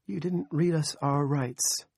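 A man's voice: lowish voice, measured pace, darkish tone, breathy edge, dry recording, clean studio sound. A man voicing a frightened, defiant woman who screams, wails and weeps in an audiobook. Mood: shrill indignant. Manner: screaming, wailing and weeping.

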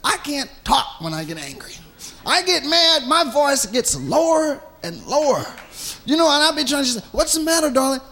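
A married man performing a profane, animated stand-up routine, acting out the voices of men in bars. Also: very high voice, normal speed. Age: adult, married. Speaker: stand-up comedian.

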